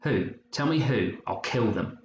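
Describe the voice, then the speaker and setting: A man voicing a fierce, stubborn young girl who speaks in sharp, defiant outbursts. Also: mid-range voice, expressive, a little slow. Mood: alarmed. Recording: muffled roomy recording, faint hiss.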